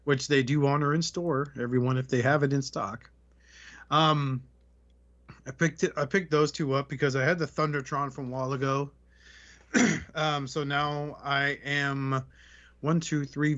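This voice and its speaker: A man's voice: fairly high pitch, fairly even intonation, a little slow, a bit bright. A man co-hosting a podcast in casual chat, joking around and swearing freely. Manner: crude, joking, profane. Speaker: podcast co-host. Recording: dull lo-fi audio.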